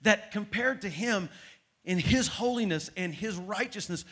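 A middle-aged man preaching a sermon, moving between loud, emphatic peaks and low, quiet asides. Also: unhurried, slightly rough. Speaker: pastor.

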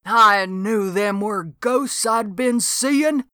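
A woman voicing an excitable rural old man, drawling and eager. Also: medium pitch, very slow, no echo, studio quality. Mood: delighted.

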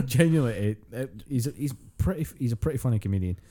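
A man's voice: medium pitch, lively intonation, fast talker, warm tone. A young Scottish man co-hosting a podcast, chatting casually, swearing freely and telling stories with acted-out quotes. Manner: sweary, storytelling, acts out quotes. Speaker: podcast co-host. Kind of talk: casual chat.

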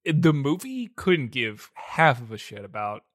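A man's voice: mid-range voice, sing-song, measured pace, no room sound, studio quality. A man co-hosting a podcast, reviewing a movie in casual, mocking chat full of swearing. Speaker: podcast co-host.

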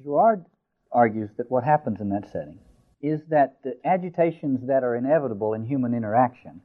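A man giving a lecture who reads a story aloud slowly and then explains it in a discursive way, with fillers and restarts. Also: mid-range voice, expressive. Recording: tinny phone-like audio.

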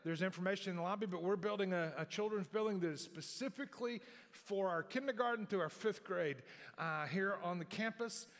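A man's voice: high voice, a bit bright. A middle-aged male pastor preaching a sermon in a folksy, rambling way with many restarts. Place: church sanctuary. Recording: long hall reverb.

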